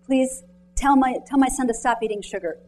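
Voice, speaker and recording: A woman's voice: high-pitched, brisk, darkish tone, recorded from a distance, soft background music, voice pushed up, close to an everyday voice. A frustrated, pleading mother, as a woman quotes her in a parable. The voice rises with exasperation. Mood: exasperated. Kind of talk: retelling a parable in a talk.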